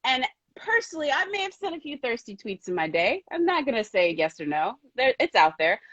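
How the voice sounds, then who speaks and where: A woman's voice: on the high side, sing-song, a little fast, fairly bright tone, no echo, dull audio. A woman interviewing a guest in an effusive, chatty way, peppering her talk with "like". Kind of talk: casual interview chat.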